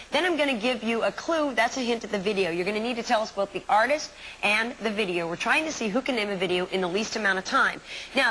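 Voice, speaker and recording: A woman's voice: medium pitch, fairly bright tone, a little hiss or hum, poor audio. A woman hosting a TV game show, chatty and upbeat, laughing easily and stressing words in a sing-song way.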